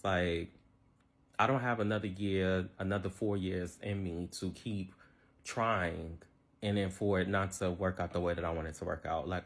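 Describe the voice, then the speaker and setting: A man's voice: low-pitched, background noise. A man in his twenties ranting to his phone camera, frustrated and rambling, full of fillers. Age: 20s. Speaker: social media ranter. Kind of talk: casual rant to camera.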